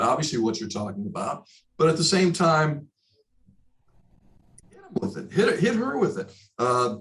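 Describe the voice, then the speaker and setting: Interview guest, male broadcaster: mid-pitched, storytelling, sudden high emphasis. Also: poor audio. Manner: animated, rises sharply in pitch for emphasis; reflective, talks in short stop-start phrases.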